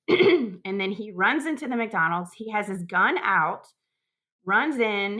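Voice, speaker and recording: Bright-voiced woman telling a story. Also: medium pitch. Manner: animated retelling, acts out sounds and quotes. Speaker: podcast guest. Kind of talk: emotional storytelling.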